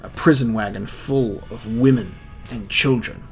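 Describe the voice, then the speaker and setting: A stoic, brooding swordsman from a dark manga, voiced by a man reading aloud. His voice stays level and cold. He takes his time, with faint music underneath. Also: mid-range voice, measured pace, creaky. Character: grim, stoic male swordsman, young adult.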